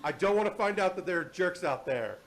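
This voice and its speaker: A man's voice: high-pitched, animated, fairly quick, a little hiss or hum. A man hosting a live convention panel in a casual, playful, self-deprecating way. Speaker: panel host. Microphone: handheld or table mic.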